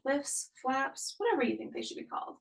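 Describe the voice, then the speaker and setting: Leading a live online workout, a young woman encourages her class and counts down every interval with upbeat energy. Her high voice swings widely in pitch, moves fairly quickly and has vocal fry, though the mic is distant and the recording is low quality.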